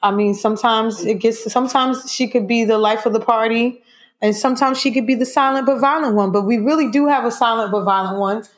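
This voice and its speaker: A woman's voice: on the high side, fairly even intonation, fairly quick. A woman hosting a podcast in a casual, conversational way, addressing listeners as "you guys" and "y'all". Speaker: podcast host. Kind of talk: casual chat.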